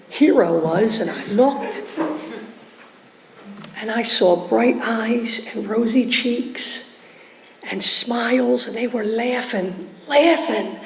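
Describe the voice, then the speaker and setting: A woman giving a lively personal testimony at a recovery meeting, acting out the voices of people in her story. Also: on the high side, a little hiss or hum. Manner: animated storytelling, acts out voices. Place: meeting hall. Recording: echoey hall recording.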